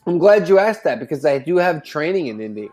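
A man from northwest Indiana rambling through a casual podcast chat. His pitch swings widely as he acts out both sides of little dialogues in slangy, loose talk. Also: big pitch swings, brisk, background noise. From northwest Indiana, near Chicago. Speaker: podcast co-host.

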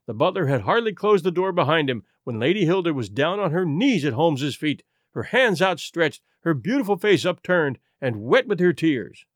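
A man narrating a classic story in an expressive, dramatic reading. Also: fairly high pitch, normal speed, few pauses, dry recording, studio quality. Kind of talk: scripted audiobook narration.

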